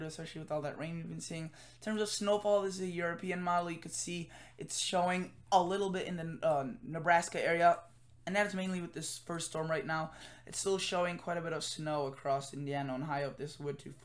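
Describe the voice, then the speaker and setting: A tired man giving a casual weather forecast from home, rambling with many fillers and self-corrections. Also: on the high side. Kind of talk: casual forecast commentary over screen.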